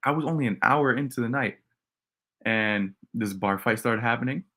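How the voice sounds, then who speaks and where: A man hosting a podcast, telling a story in a relaxed casual way. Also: medium pitch, normal speed. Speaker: podcast host.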